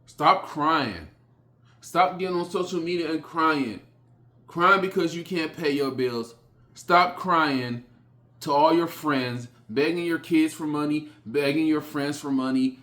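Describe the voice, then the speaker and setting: A man delivers a blunt motivational speech, hammering the same short phrases over and over. He speaks slowly and deliberately in a fairly high voice. His lines often swell into forceful rises. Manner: slow, emphatic delivery with sudden loud rises.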